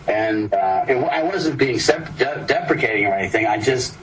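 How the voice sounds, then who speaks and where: A man's voice: mid-range voice, normal speed. An older man, an actor, telling a rambling anecdote in casual interview talk, acting out the people he quotes. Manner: rambling, lively storyteller voicing quoted people. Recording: distant mic with clear background noise.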